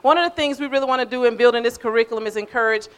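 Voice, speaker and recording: Animated older woman preaching. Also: a little high, very fast, smooth. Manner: animated, emphatic, acts out quoted voices. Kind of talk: conversational sermon.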